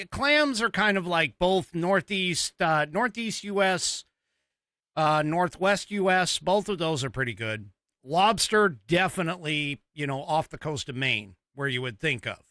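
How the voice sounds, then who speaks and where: A man's voice: fairly high pitch, sharp tone, no echo, studio quality. A man from the United States hosting a live podcast, talking in a rambling, chatty way with lots of fillers and restarts. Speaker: host. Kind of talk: live-stream podcast talk.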